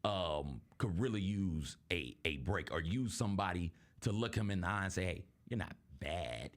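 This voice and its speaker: A man's voice: sits low, normal speed. A young adult man hosting a casual sports talk show, telling stories in an earnest way and acting out the people he quotes. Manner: earnest, storytelling, acts out quoted voices. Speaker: podcast host.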